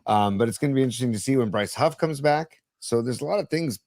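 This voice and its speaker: A man co-hosting a sports podcast, talking in a loose, halting way with many fillers. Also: mid-range voice, a little mellow, no echo, clean studio sound. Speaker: podcast co-host. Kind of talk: casual sports chat.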